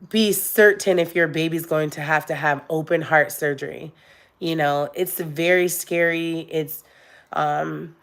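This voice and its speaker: A young adult woman talking candidly and emotionally to her viewers on a live stream, with many fillers. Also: low-pitched. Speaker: vlogger. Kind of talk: casual live-stream chat.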